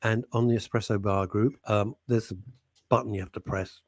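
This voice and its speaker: A man's voice: lowish voice, steady tone, a little fast, no echo, studio quality. A British man hosting an internet radio show, bantering and teasing, reading out listener comments in a casual chat.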